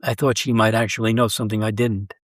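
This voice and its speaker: A man's voice: fairly low pitch, flat delivery, quick pace, no room sound. Man reading a story, dry and close. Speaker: story reader. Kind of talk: scripted narration of a short story.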